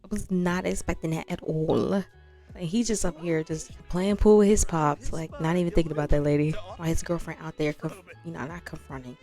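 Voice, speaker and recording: A woman hosting a game channel, chatting in an animated, slangy way and calling her viewers "y'all". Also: low voice, fairly quick. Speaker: gaming channel host. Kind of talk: casual let's-play commentary. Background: faint background music.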